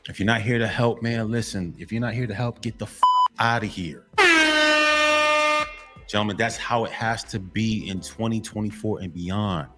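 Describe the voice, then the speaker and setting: Emphatic low-voiced man lecturing men. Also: moderate pace, over loud music. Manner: emphatic, repetitive, keeps saying gentlemen. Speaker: motivational vlogger. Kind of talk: preachy monologue to men.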